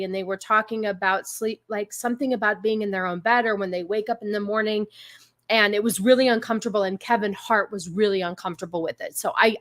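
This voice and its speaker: A woman's voice: mid-range voice, fairly bright tone. A woman co-hosting a casual chat stream, hesitant, with many ums and restarts. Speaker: co-host.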